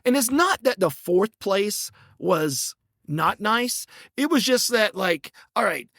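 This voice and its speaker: A middle-aged man hosting a podcast, telling a story in a casual, animated and exasperated way, with lots of restarts. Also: high-pitched, takes it slowly, no echo, studio quality. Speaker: podcast host.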